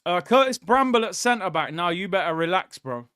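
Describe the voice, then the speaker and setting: A man's voice: high-pitched, brisk, clean tone, no echo, clean studio sound. A man hosting a football watchalong, joking and ranting to his viewers in casual chat. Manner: joking, animated rant, keeps addressing viewers as "people". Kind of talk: casual fan commentary to a live chat.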